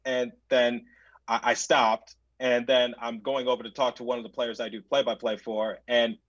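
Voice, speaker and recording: A young man tells a story on a podcast, excitable and full of restarts. He sounds dry and close, with a dull, lo-fi tone. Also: mid-range voice, normal speed, no echo. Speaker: podcast guest. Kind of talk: casual podcast chat. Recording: dull lo-fi mic.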